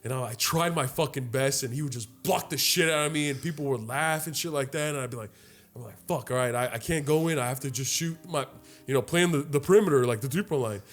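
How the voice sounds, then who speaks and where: Profane animated young man telling a story. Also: mid-range voice, quick pace, faint music behind. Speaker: podcast co-host. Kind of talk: casual chat.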